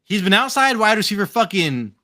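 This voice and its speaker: Pitched high and talking briskly, this American co-host of a live fantasy football show rambles on with a drink in hand. His casual swearing and animated energy keep the podcast banter loose and profane.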